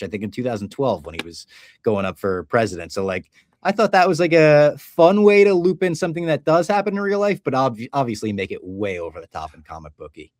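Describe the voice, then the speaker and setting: A man's voice: medium pitch, no echo, studio quality. A man co-hosting a podcast, recapping TV episodes in casual chat, enthusiastic and laughing often. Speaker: podcast co-host.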